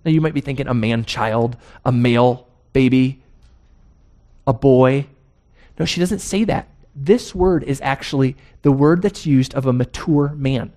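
A pastor preaches emphatically, posing rhetorical questions and slowing to stress key words. His voice is medium in pitch with a dark tone.

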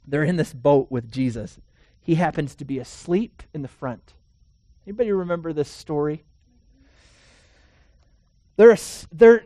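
A pastor preaching a sermon, swinging between loud urgent passages and hushed soft ones and asking the audience rhetorical questions. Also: medium pitch, dry recording.

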